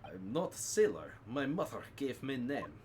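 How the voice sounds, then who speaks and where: A man's voice: medium pitch, sing-song, moderate pace, a little mellow, lightly acted. A man voicing a blunt, suspicious Russian sailor in a put-on accent, speaking broken English with dropped articles. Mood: gruff. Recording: noisy background hiss.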